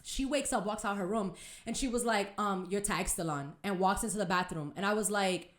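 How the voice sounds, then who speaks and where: A young woman, hosting a podcast and telling a story in a casual, animated way, full of slang and swearing. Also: mid-range voice, brisk, reverberant. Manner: animated, swearing, slangy retelling with acted quotes. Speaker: podcast host.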